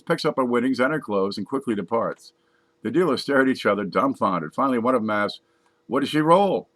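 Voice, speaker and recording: A man casually reading jokes aloud from a page, putting on higher voices for the punchlines. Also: lively intonation, a little fast, fairly bright tone. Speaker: joke reader.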